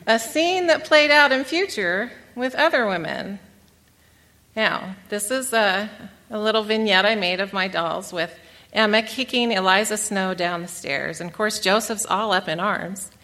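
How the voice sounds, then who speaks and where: A woman's voice: medium pitch, measured pace, bright, forceful tone. A woman giving a public talk to an audience in a lecture hall, mixing wry, dry asides into her narration. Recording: long hall reverb.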